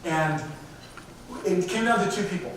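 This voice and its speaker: Addressing a company audience live on diversity, a man with a high voice speaks directly at normal speed and puts questions to the listeners. The mic is far off in a very echoey hall, with a little hiss or hum.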